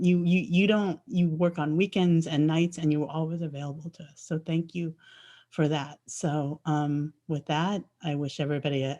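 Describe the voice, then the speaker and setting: Rambling woman trustee on a video call. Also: low voice. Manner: rambling, restarts sentences. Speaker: school board trustee. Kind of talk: thanks at a virtual board meeting.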